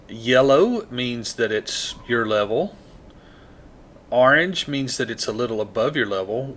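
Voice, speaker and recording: Casting: a rural Southern American man, rambling game commentary, mid-pitched and easygoing. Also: a bit bright, a little hiss or hum. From Southeast United States. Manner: rambling, self-deprecating, chatty. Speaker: gaming video host.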